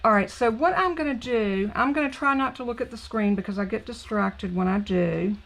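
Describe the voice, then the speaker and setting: A woman's voice: fairly high pitch, a little fast, gravelly, poor audio. Southern woman demoing card-making live, gushy, chatty, full of ums. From Southern United States. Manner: chatty, gushing, thinks aloud with fillers. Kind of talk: live crafting stream.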